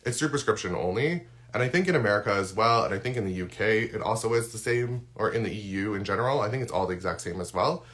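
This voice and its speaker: A man's voice: on the low side, animated, quick pace, hardly any pauses, fairly bright tone. A man who is losing his voice, chatting casually through a live unboxing with lots of ums and restarts. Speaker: skincare content creator. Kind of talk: live-stream unboxing chat.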